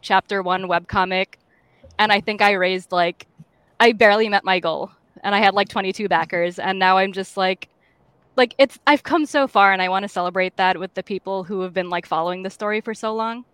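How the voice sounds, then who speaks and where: A woman's voice: mid-range voice, a bit bright, smooth, no echo. A young woman, a comic creator, chatting in a bubbly way with lots of fillers. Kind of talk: casual chat.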